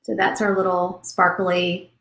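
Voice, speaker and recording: A woman's voice: on the low side, monotone, a little slow, fairly bright tone, reverberant, low-quality recording. A woman, hosting a crafting livestream and chatting casually as she paints. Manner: chatty, thinks aloud while painting. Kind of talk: casual live crafting chat.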